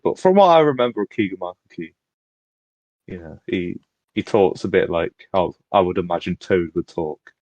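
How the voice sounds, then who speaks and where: A man's voice: deep voice, darkish tone, no room sound. A man co-hosting a podcast in casual chat, rambling with frequent restarts. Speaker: podcast co-host.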